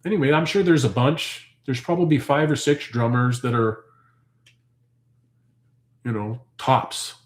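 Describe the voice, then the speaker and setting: A man's voice: mid-range voice, a little slow, long pauses. Chatty man with a roomy echo. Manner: rambling, chatty, thinks aloud with fillers. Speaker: homestead channel host. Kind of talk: casual live chat answering viewer comments.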